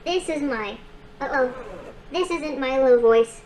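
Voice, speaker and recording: A woman voicing a small robot putting on a fast, squeaky, silly chipmunk voice. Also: darkish tone, a little hiss or hum, poor audio.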